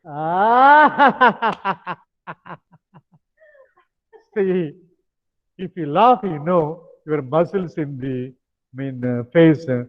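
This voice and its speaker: An older man with a Tamil accent leading a stress management lecture, tagging phrases with "now" and pausing on hesitant fillers. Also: on the high side. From India. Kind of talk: lecture with guided exercises. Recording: dull sound with long hall reverb.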